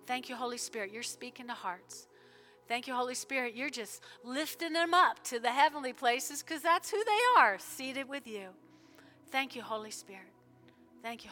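A woman pastor preaching in a church service, fervent, with sudden loud bursts and soft prayerful stretches. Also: on the high side. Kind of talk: sermon with altar call prayer.

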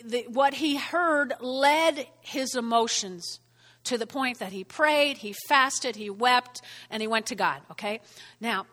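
Bright-voiced woman preaching in an echoey hall. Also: a little high. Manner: chatty, animated, asks the room questions. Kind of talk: sermon.

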